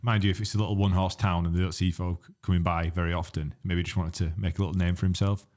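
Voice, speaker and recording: A man's voice: deep voice, little pitch movement, fast talker, darkish tone. A man hosting a podcast, chatting casually with blunt, sweary banter. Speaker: podcast host.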